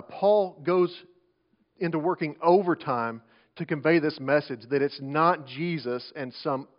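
A man preaching a sermon as pastor, talking conversationally, often restarting phrases and swinging between loud emphasis and quiet asides. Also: on the high side. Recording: dull lo-fi sermon recording.

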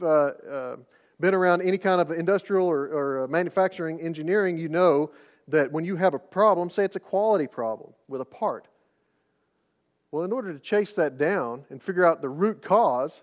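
A man's voice: on the high side, normal speed. A male pastor preaching a sermon in a conversational way, asking rhetorical questions and often restarting his phrases. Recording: dull lo-fi sound.

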